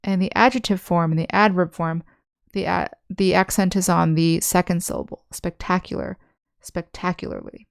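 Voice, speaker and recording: Patient, gravelly-voiced woman teaching English. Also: lowish voice, fairly even intonation, no echo, clean studio sound. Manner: patient, explains slowly with examples. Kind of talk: online language lesson.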